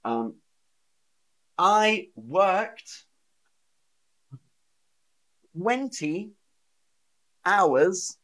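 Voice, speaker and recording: A man teaching English on a live stream, repeating words slowly and acting out feelings with sighs and gasps for learners. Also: high voice, big pitch swings, fairly bright tone. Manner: slow, exaggerated, repeats words and sentences for learners.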